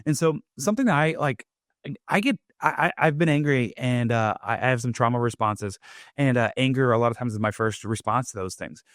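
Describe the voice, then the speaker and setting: A man in a middle register hosts his own podcast in a relaxed, rambling monologue. He keeps dropping "like" and "right?" as he goes. The recording is dry, with no room echo. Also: mid-range voice, fairly quick. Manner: loose, chatty, leans on "like" and "right?". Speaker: podcast host. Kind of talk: casual motivational monologue.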